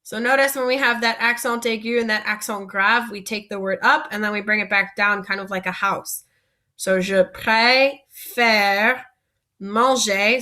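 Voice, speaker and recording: Slow, bright-voiced woman teaching French. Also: medium pitch. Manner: slow, patient, asks learners to repeat words. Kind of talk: classroom vocabulary lesson.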